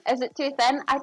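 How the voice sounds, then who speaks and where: A Glasgow-area Scottish woman with a fairly high voice livestreams herself cooking, chatting casually with viewers and reading their messages as she works. She's chatty, self-deprecating, and quick to laugh, with faint music playing in the background.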